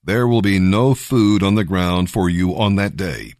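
A man reading the words of Moses, a stern elderly leader, in an earnest, measured way. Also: low voice, darkish tone, dry recording, clean studio sound. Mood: instructing.

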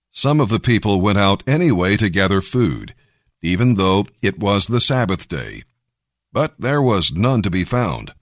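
A man narrating a scripted devotional Bible reading, measured and emphatic. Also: lowish voice, sing-song, no echo, clean studio sound.

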